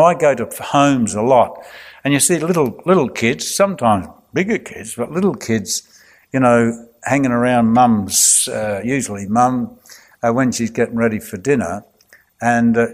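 A man, a clergyman giving a reflective talk full of anecdotes and gentle humour. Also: medium pitch.

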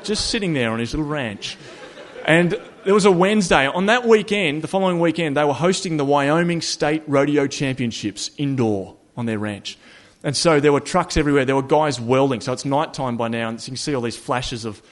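A man telling a personal story about a long walk in a relaxed, conversational way, with wry humor and small self-corrections. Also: a little high, a little fast. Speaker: speaker recounting a long walk.

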